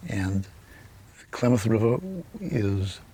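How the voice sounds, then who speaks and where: A man's voice: on the low side, slow pace, warm tone, husky. An older man telling stories in a weak, unsteady voice that often stutters and repeats words, his speech affected by Parkinson's. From United States. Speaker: author and publisher. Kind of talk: personal storytelling to camera.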